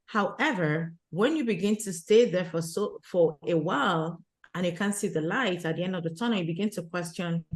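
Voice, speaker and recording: A woman's voice: lowish voice, moderate pace. A woman guest telling her immigrant story in an earnest, conversational way, often adding "you know" and "right?". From abroad, immigrant to Canada. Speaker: guest, retreat organizer for women.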